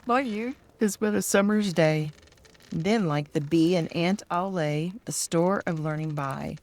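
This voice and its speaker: An older woman gently reading children's poems aloud at bedtime, soft-spoken and calm. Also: on the low side, a little slow. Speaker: storyteller.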